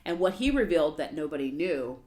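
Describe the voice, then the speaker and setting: A woman's voice: low voice, big pitch swings, a little fast, darkish tone. A woman co-hosting a casual podcast chat, animatedly retelling a story and acting out the quotes. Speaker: podcast co-host.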